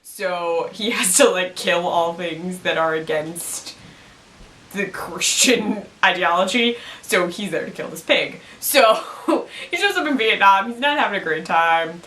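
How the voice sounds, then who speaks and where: A woman's voice: fairly low pitch, lively intonation, measured pace, a bit bright, a little hiss or hum. A young woman casually recapping a TV episode, chatty and giggly, filling her talk with "like". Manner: chatty, giggly, many "like" fillers. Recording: echoey room, mic at a distance.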